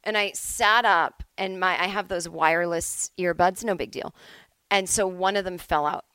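A middle-aged woman hosting a comedy podcast from home, telling a rambling, self-deprecating story with lively asides. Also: on the low side, normal speed, clean tone, no echo. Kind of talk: casual comic storytelling.

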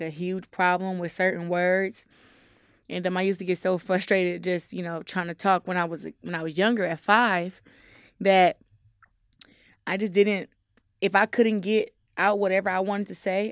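Young woman guest, lowish smooth voice, halting with fillers, dry close mic. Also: no echo. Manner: halting, many fillers, candid. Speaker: interview guest. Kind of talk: casual interview talk.

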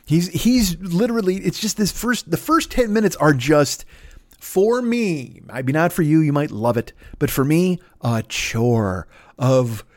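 A man's voice: fairly high pitch, a little mellow, no room sound, studio quality. A man hosting a solo podcast, talking in a casual, rambling, heavily profane way with frequent stumbling restarts. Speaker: podcast host.

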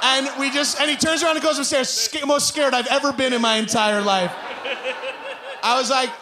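A man chatting casually on a comedy podcast, telling animated stories with loud bursts of laughter. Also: extremely high pitch, normal speed, a crowd in the background.

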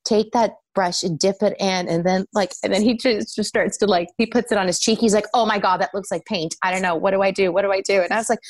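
A woman's voice: medium pitch, moderate pace, no echo. A woman in her thirties chatting in an interview, telling stories with lots of laughter. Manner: chatty, laughing, animated storytelling. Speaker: guest actress. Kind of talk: casual interview chat.

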